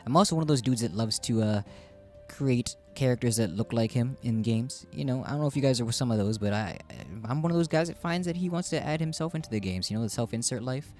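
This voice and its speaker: A man's voice: medium pitch, quick pace, darkish tone, faint music behind. A man casually chatting through a game he is streaming, rambling and joking about himself. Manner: chatty, rambling, self-deprecating. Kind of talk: casual gameplay commentary.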